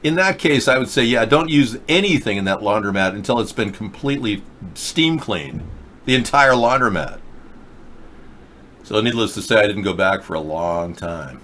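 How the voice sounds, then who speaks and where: A man's voice: fairly low pitch, expressive, normal speed, a bit bright, a little hiss or hum. A man hosting a casual livestream chat show, rambling and sarcastic as he scolds chat users. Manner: rambling, sarcastic, mocking chatters. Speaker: political talk show host. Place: in the US Pacific Northwest.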